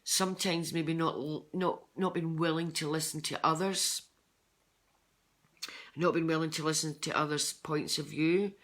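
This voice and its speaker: A woman's voice: sits low, steady tone, a little slow, fairly bright tone. An older woman with a Scottish accent, giving a rambling, chatty tarot card reading with lots of ums and restarts. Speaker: psychic tarot reader.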